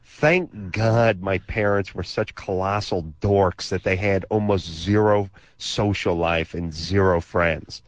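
A man's voice: low voice, steady tone, slow pace, dry recording. A man co-hosting a call-in radio show, telling exaggerated, sarcastic stories with crude asides. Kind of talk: comedic storytelling on call-in radio. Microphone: studio microphone.

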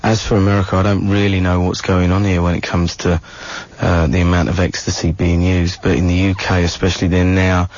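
An English man appearing as a guest on a radio show, answering questions in a measured, slightly halting way. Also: low-pitched, little pitch movement, darkish tone. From England. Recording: dry, muffled radio studio.

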